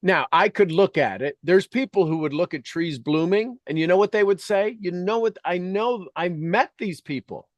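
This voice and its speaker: A man's voice: high voice, moderate pace, hardly any pauses, no echo, highs cut off. A middle-aged man telling rambling, enthusiastic stories as the host of a spoken meditation. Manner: earnest, enthusiastic, rambling storytelling.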